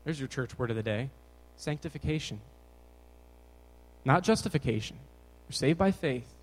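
A man's voice: mid-range voice, slight background noise, rough recording. A young man giving a casual, jokey sermon to teenagers as a youth pastor, talking with energy. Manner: energetic, jokey, bouncing around.

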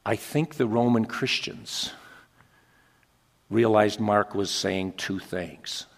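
Male preacher, dramatic sermon, slow and deliberate, shifts from whisper to shout, long hall echo. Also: on the low side, creaky. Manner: dramatic swings from hushed whispers to shouted climaxes. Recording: long reverb of a large hall.

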